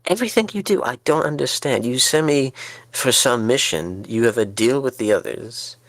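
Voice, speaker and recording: Stammering, flustered man with a gravelly voice. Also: mid-range voice, expressive, normal speed, fairly bright tone, no room sound. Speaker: player. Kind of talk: in-character tabletop role-play.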